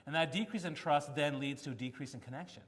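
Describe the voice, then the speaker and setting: A man speaks at a conference in a lively storytelling manner and acts out the lines of people in his anecdotes. His voice sits a little higher than most men's. The sound carries the long reverb of a large hall. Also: fast. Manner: animated storytelling with acted-out quotes. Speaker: keynote speaker. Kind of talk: conference talk.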